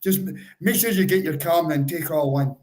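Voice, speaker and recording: A man's voice: fairly high pitch, quick pace, a little mellow, low-quality recording. A man co-hosting a fan livestream, chatting casually and giving step-by-step advice in a stop-start way. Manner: calls listeners bro. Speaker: co-host of a football fan livestream. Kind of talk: casual chat.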